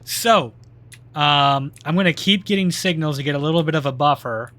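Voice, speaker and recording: A man's voice: a little high, normal speed, a bit bright. A man streaming live gameplay, chatting and laughing often, trailing off mid-sentence.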